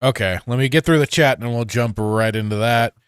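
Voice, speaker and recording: A man in a loose, rambling podcast chat, reading chat comments aloud between laughs. His voice is smooth and clear, in a mid range, recorded close and dry with no room sound. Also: mid-range voice, fairly quick, dry recording. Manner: rambling, with frequent restarts and fillers, laughs often. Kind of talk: casual chat.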